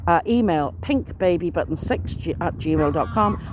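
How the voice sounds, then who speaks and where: A woman's voice: lowish voice, expressive, moderate pace, darkish tone, a little hiss or hum. A woman, rambling in a casual monologue to camera, chatty and aggrieved, swearing mildly as she complains. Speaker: vlogger.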